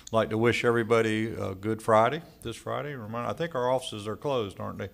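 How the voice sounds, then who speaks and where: A man speaking as a county commissioner at a public meeting, relaxed and folksy. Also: lowish voice, fast, gravelly. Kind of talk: meeting remarks.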